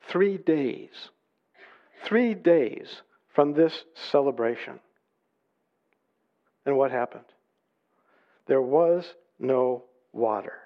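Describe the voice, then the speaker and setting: A man preaching a sermon, reading scripture aloud and rising in pitch and volume to stress his points. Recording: dull lo-fi recording.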